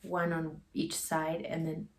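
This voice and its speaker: A woman's voice: sits low, completely flat delivery, slow pace, a little hiss or hum. A young adult woman telling a personal story in a casual, rambling way, full of "like" and "you know". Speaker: guest sharing a personal story.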